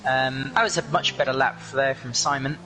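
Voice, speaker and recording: A man co-commentating an online racing session in a relaxed, joking way. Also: mid-range voice, normal speed, over music, low-quality recording.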